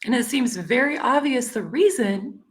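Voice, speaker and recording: A woman in her forties with a drawl hosts casual commentary, reading news quotes aloud and reacting to them. Her voice sits a little high, and her delivery is sarcastic and chatty, with frequent laughs. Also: lively intonation, normal speed. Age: 40s. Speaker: commentary channel host.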